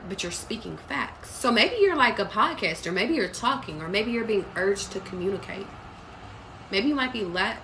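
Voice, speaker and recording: A woman's voice: mid-range voice, vocal fry, a bit bright, a little hiss or hum, rough recording. A woman giving a live tarot reading, talking casually and bluntly with plenty of profanity, passing on intuitive messages. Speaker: tarot reader.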